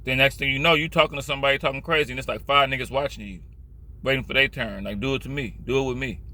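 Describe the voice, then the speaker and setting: Blunt Californian man, bright tense voice. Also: mid-range voice, fairly even intonation, fast. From Richmond, California. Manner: blunt, profane, rambling storytelling. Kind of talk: casual street commentary.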